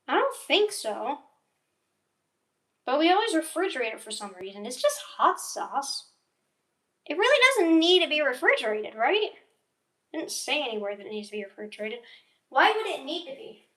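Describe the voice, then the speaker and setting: A young woman with a high voice chats on a casual livestream. She rambles and mutters to herself while she cooks and eats, swearing offhand. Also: a bit bright, echoey room, distant mic. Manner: rambling, talks to herself while cooking and eating. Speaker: streamer.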